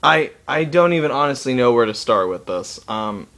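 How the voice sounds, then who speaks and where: A man's voice: medium pitch, animated, normal speed, fairly bright tone. A young man delivering a heated, profane gaming rant to camera, repeating himself and restarting his sentences. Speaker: gaming vlogger.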